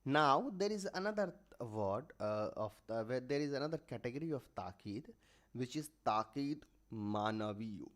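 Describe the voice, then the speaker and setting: A man teaching Arabic grammar in English in an online lecture, explaining slowly and repeating terms to drive them home. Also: medium pitch, lively intonation. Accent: South Asian English.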